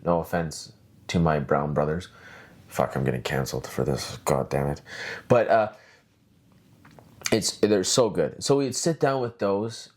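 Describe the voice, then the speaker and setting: A man hosting his own podcast, ranting in a profane, rambling, animated way. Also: deep voice. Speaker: podcast host. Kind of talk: solo casual podcast rant.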